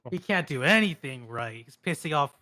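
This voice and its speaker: Man, player, casual game chat, high lively voice, hesitant. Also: normal speed. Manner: hesitant, thinking aloud.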